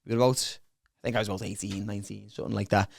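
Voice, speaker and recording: A man's voice: fairly low pitch, racing, gravelly. A man in his twenties with a Liverpool accent, a guest comedian telling stories in casual podcast chat and acting out what people said. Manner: animated storyteller, acts out quotes.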